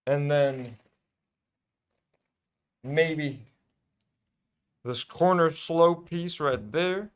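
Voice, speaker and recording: A man's voice: on the high side, extremely slow, long pauses, clear, resonant tone. A young man hosting a casual hobby vlog, chatty and self-delighted, full of fillers. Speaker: toy-building channel host.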